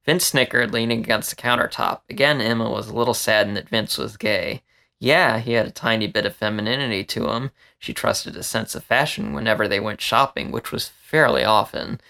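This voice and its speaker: A man reading a story aloud in a plain, steady narration. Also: lowish voice, fairly quick, creaky. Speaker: story reader.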